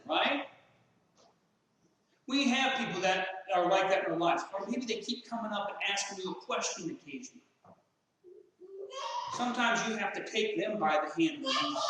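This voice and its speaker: A man's voice: extremely high pitch, animated, normal speed, a bit bright. A man preaching a sermon as pastor of a small church, folksy and acting out the voices he quotes. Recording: echoey church hall from far off.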